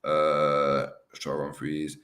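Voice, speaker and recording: A young man hosts a laid-back football show, his voice sitting low. He reads viewer comments aloud and banters with his co-host. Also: completely flat delivery, a little slow, a bit bright. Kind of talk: casual football chat. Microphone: webcam on video call.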